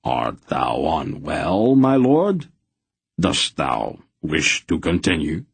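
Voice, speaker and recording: Smug courtly knight, slow and low, formal speech, read by a man. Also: wildly swooping pitch, slightly rough, no echo, exaggerated voice. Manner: formal, unhurried, mock-courteous. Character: haughty, courtly male knight, archaic speech.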